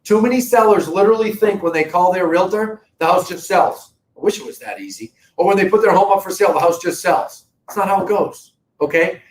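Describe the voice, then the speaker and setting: A man's voice: high-pitched, fairly even intonation, a little fast, few pauses, roomy sound, rough recording. A middle-aged man with a Boston accent hosting a live real estate update, talking to viewers in an earnest, emphatic sales manner. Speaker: real estate company host. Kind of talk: live video market update.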